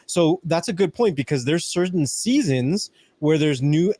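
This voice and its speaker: Casual male stream host, slightly high voice, talks things through and keeps asking "right?". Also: expressive, unhurried, dark tone, dry recording. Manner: conversational, keeps tagging "right?" onto his points. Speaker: podcast host. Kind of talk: casual live-stream chat.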